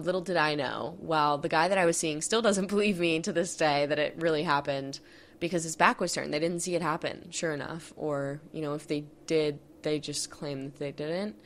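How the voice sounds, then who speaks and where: Low-voiced young woman telling a story. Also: slight background noise. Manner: candid, emotional retelling with many fillers and swearing. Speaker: podcast host. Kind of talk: personal storytime.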